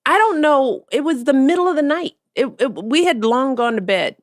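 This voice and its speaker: A woman's voice: high-pitched, normal speed, no echo. A woman in her sixties, a podcast guest, telling family stories with laughter and acted-out quotes. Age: 60s. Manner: animated storyteller who laughs and acts out family quotes. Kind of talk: casual interview chat.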